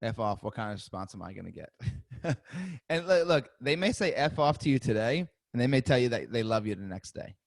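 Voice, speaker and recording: A man hosting a live sales-coaching webinar. He talks in a lively, chatty way, laughs often and acts out sample phone calls and voicemails. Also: mid-range voice, fairly quick, creaky, dry recording, studio quality.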